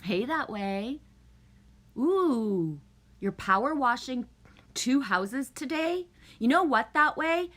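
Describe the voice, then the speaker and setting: A woman's voice: on the high side, expressive, slow, a bit bright. A middle-aged woman from Canada chatting casually on a livestream, chipper and profane, laughing often and greeting viewers by name. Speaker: livestream host.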